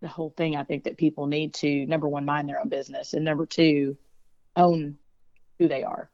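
A woman's voice: deep voice, flat delivery, fairly quick, gravelly, no echo, highs cut off. A woman singer speaking as an interview guest, chatty and frank, with many fillers. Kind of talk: casual interview talk.

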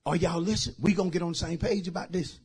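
A man preaching a sermon as pastor, shouting out lines and calling for responses from the congregation. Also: high-pitched, steady tone, fast talker, husky.

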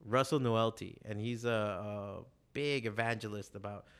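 A man's voice: on the low side, moderate pace, smooth. Profane, rambling man in casual chat. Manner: profane, animated, rambling with many fillers. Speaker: podcast guest, comic shop owner.

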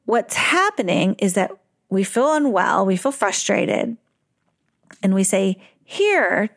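A middle-aged woman hosting a podcast, giving parenting advice in a calm, reflective way and slowing down on key words. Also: medium pitch, vocal fry, no room sound, studio quality. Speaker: parent educator and podcast host.

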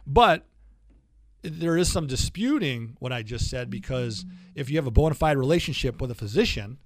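A man hosting a legal talk show, chatting casually in a rambling, animated way with frequent restarts. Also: medium pitch, moderate pace, a little hiss or hum. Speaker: radio show host and lawyer. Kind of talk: casual talk-radio chat.

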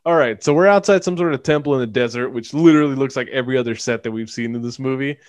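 A man co-hosting a casual movie-review chat, animated and sarcastic, laughing often as he talks. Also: mid-range voice, quick pace, no echo. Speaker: podcast co-host.

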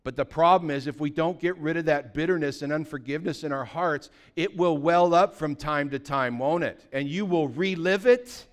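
A man in his fifties from California, a pastor telling a personal story in a lively, anecdotal way, with sudden loud bursts. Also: a little high, normal speed, few pauses. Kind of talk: sermon storytelling.

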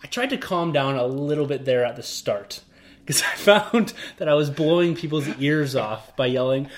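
A man co-hosting a casual podcast chat, excitable and quick to laugh. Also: fairly high pitch. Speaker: podcast co-host.

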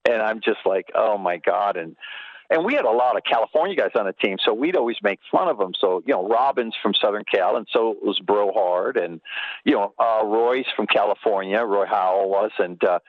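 A man's voice: on the low side, normal speed, no echo. Older man telling stories, lo-fi line. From Los Angeles. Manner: animated, puts on voices in anecdotes. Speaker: guest, former baseball trainer. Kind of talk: casual storytelling.

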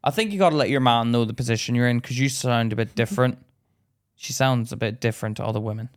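A young British man co-hosts a podcast, chatting casually, joking, laughing often and reading aloud haltingly. He has a mid-range voice and a British English accent.

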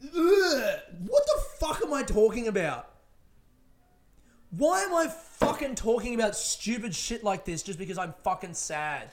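A man's voice: high-pitched, sing-song, unhurried. Rambling, profane young man. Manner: rambling, profane, often laughing. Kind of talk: casual personal storytelling.

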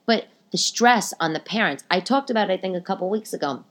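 A woman's voice: medium pitch, animated, fast. Exasperated venting woman podcaster. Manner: exasperated, venting, swears freely. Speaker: podcast host. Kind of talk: casual solo podcast rant. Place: home living room.

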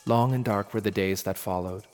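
A man narrating a myth in a measured, dramatic storytelling manner. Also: on the low side, a little mellow. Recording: long reverb with faint music.

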